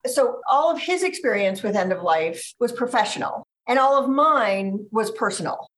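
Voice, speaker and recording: A woman author being interviewed on a podcast, speaking in a measured, thoughtful way and slowing down to stress ideas. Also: fairly high pitch, animated, a bit bright.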